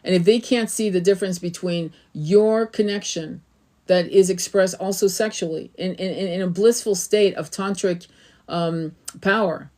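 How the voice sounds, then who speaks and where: A woman's voice: on the low side, a little mellow. A middle-aged woman giving casual spiritual advice as a tarot reader, blunt and swearing freely, often checking in with "okay?".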